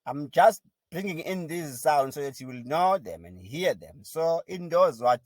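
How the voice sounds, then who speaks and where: A man teaching a pronunciation lesson, sounding out syllables one by one and repeating each word slowly and deliberately. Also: a little high, darkish tone, no room sound. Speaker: language teacher.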